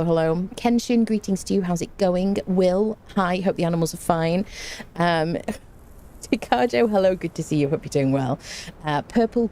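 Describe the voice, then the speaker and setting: On a casual livestream, a woman game streamer with a fairly low, mellow voice rambles playfully while greeting chat and using made-up words. A desk mic captures her in a home room with an open window, with fan noise and a bit of hiss or hum.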